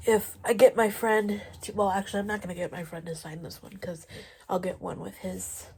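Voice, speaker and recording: A woman's voice: mid-range voice, a little fast, slight background noise. A woman in her twenties chatting casually in a vlog, her voice stuffy from allergies, rambling along with plenty of fillers while riding an exercise bike at home. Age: 20s. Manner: rambling, relaxed, lots of fillers. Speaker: vlogger.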